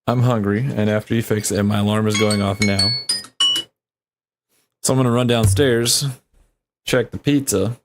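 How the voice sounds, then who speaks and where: A man's voice: on the low side, steady tone, normal speed, pauses often, very noisy. A man hosting a live game stream and podcast, chatting in an easygoing way with chuckles and trailing sentences. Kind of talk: casual chat on a live stream.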